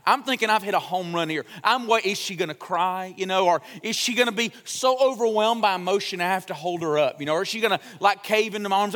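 Bright-voiced young pastor in a reverberant church. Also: male voice, sits high. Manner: chatty, joking storyteller. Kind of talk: sermon. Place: church sanctuary. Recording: long church hall reverb.

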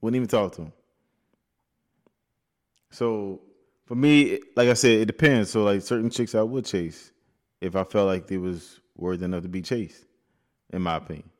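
Podcast co-host, man, lowish relaxed voice, easygoing. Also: normal speed, pauses often. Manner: laid-back, talks it through with fillers. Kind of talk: casual chat.

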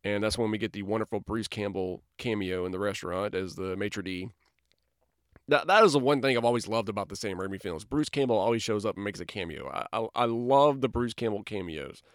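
A man hosting a podcast in casual chat, lively and chatty, laughing often. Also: on the low side, a little fast, no room sound, studio quality. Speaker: podcast host.

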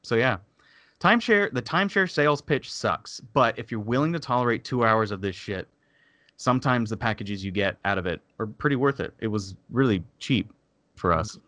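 A man casually telling a long story on a podcast, animated and swearing, acting out the people he quotes. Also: medium pitch, normal speed, no room sound.

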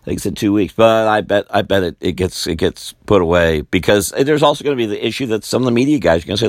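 An older man hosting a solo podcast of political commentary, rambling and repeating himself, his voice tired and going low. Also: quick pace, hardly any pauses, no room sound, studio quality. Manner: rambling, repeats himself, sighs and laughs wearily. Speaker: podcast host.

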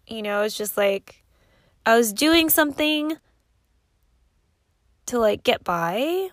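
A woman's voice: fairly high pitch, takes it slowly, long pauses, dry recording, clean studio sound. A woman in her thirties telling a casual, rambling story, full of fillers and swearing. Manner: rambling, profane and animated, with many fillers. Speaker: vlogger.

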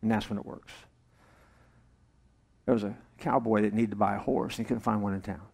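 A man's voice: on the low side, fairly quick, gravelly, breathy edge. A male pastor preaching a sermon to a congregation, telling a joke with acted-out voices. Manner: animated storytelling, jokes and acted-out voices. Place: church service with congregation.

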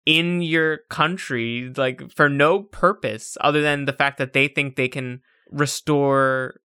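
A woman's voice: sits low, steady tone, slow pace, bright, forceful tone, clear, resonant tone, dry recording, studio quality. A woman casually chatting and debating while playing a video game, laughing often. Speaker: game streamer. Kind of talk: casual chat over gameplay.

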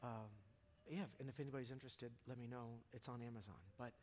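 A man preaching a casual, impassioned sermon to a church audience, dropping to near-whispers and then rising to loud, fervent peaks. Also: mid-range voice, steady tone, fast talker. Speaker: pastor.

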